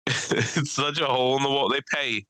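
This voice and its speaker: Young man, casual podcast chat, bright forceful voice, dry close sound, lively storyteller. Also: measured pace, dry recording, rough recording. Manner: animated storyteller who acts out people in high voices. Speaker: podcast co-host and stand-up comic.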